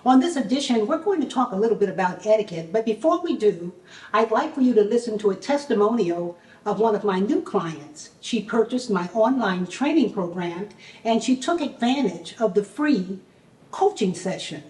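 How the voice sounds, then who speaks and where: Upbeat lady hosting her talk show, preachy warmth, kinda far from the mic in an echoey room. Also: medium pitch, expressive, normal speed. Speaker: host.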